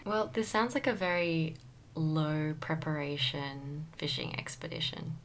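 Wry woman with lively low voice. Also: unhurried, slight background noise. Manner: wry short interjections. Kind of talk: casual chat.

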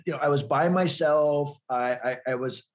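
A man's voice: on the high side, moderate pace. A man in an interview telling a personal story earnestly, often repeating words as he builds toward the point. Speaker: guest.

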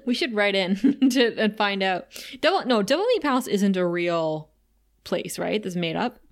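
A woman co-hosting a podcast in a casual recap chat, retelling scenes with lots of laughter and animated energy. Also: medium pitch, normal speed. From outside the United States. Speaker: podcast co-host.

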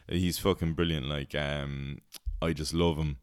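Young man, casual podcast host, rambling, dry close sound, clear resonant tone. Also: very deep voice, fairly even intonation, a little slow, dry recording. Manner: rambling, swears freely, laughs at own jokes. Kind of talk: casual chat.

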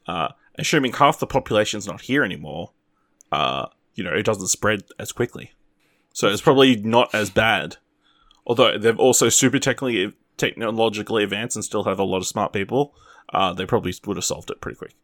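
Guy with a lowish voice chatting loosely on a podcast, dry close sound. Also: brisk, no room sound. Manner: relaxed, rambling with fillers and laughs. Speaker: podcast co-host. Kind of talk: casual chat.

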